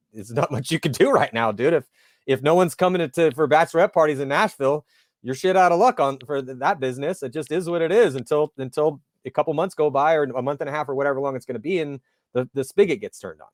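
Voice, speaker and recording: A man's voice: medium pitch, no room sound, studio quality. A man hosting an interview, chatting in a laid-back way and telling stories. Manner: laid-back storyteller, calls the guest dude. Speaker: interview host. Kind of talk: casual interview chat.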